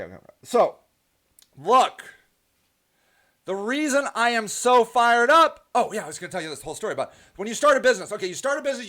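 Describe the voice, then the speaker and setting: A host talking in a casual monologue, brash and animated, swearing freely and acting out other people's voices. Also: female voice, a little high.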